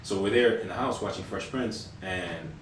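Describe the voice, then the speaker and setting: A man in his thirties co-hosting a podcast, telling stories in a casual, animated way with plenty of fillers and casual swearing. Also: deep voice, normal speed. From Hispanic household. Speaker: podcast co-host. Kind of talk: casual storytelling chat. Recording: echoey room, mic at a distance, faint hiss.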